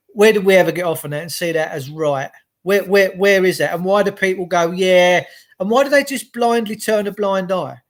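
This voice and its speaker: High-voiced man ranting at home. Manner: chatty, greets viewers, impassioned. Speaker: vlogger. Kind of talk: casual livestream rant. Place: home by a log burner.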